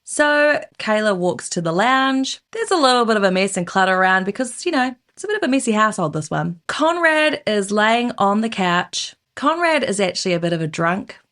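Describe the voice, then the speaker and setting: A woman co-hosting a podcast, telling a true-crime story in a casual, animated way and acting out the quotes. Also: medium pitch, moderate pace, hardly any pauses. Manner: animated, laughs often, acts out quoted voices.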